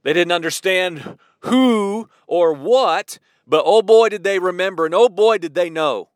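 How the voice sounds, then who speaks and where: Male pastor, middle-aged, high and expressive voice, dry close sound, chatty animated sermon. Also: a little slow, clear, resonant tone, no room sound. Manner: animated, conversational preaching with asides and acted-out quotes.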